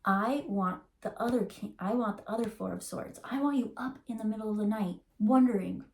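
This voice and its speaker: A woman giving a casual channeled tarot reading, rambling and emotional, with many fillers, and slowing down to stretch out key words. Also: medium pitch, creaky, a little mellow. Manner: rambling and emotional, full of likes and ums, slows to drag out key words. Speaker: tarot reader.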